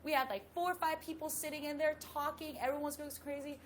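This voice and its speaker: A woman, a professional golfer, telling a story as a guest in a casual chat with lively asides. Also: sits high, quick pace, a little hiss or hum.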